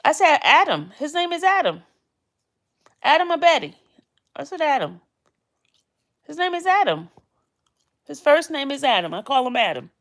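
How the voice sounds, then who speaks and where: A woman's voice: sits high, very animated, moderate pace, long pauses. A woman hosting a casual live stream, chatting in a rambling way and often repeating phrases.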